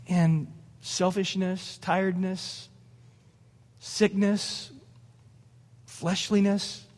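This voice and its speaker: A middle-aged man preaching in a high, light voice, loose and conversational, breaking into short acted-out exchanges. The sound carries a long reverb from a church hall. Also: a little mellow. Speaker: pastor. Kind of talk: sermon. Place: church sanctuary.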